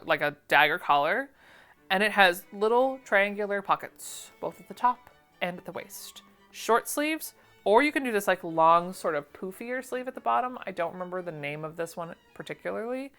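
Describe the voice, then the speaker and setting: A woman's voice: medium pitch, pushed and bright. A woman chatting casually through an unboxing, gushing and often trailing off mid-phrase. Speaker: vintage sewing pattern collector.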